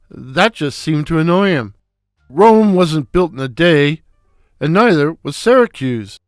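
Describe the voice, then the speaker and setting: A man narrating a comic story in a wry, deliberate way. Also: fairly high pitch, lively intonation, no room sound, clean studio sound. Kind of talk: storytelling with character voices.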